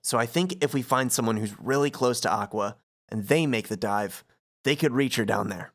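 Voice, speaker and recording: A calm, serious teenage boy speaks plainly, as a man reads his part. The delivery stays close to an ordinary speaking voice. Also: medium pitch, moderate pace.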